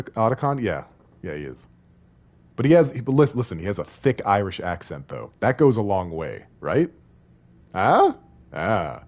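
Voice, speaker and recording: Playful low-voiced male streamer. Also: a little mellow. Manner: rambling and playful, talking to chat and reading game text aloud. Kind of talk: casual live-stream chat while playing.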